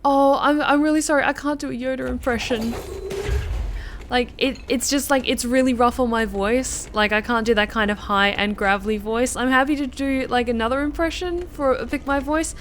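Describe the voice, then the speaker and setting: A woman's voice: high voice, steady tone, normal speed, slight background noise. A woman streamer chatting casually through live gameplay, thanking viewers by name. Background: music.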